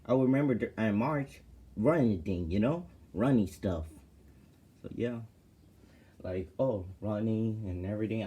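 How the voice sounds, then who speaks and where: A man's voice: on the low side, mellow. A man casually telling a personal story to his viewers, rambling and full of fillers and restarts. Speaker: vlogger.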